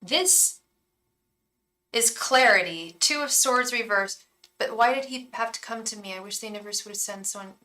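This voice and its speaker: Woman tarot reader on a live stream, frank and chatty, bright voice, sitting back from the mic. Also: a little high, normal speed, distant mic, poor audio. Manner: frank, chatty, swears casually.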